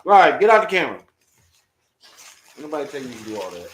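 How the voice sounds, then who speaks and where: A young adult man hosting a casual livestream, loud and profane as he scolds his kids. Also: mid-range voice, sing-song, fast talker, reverberant. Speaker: online show host.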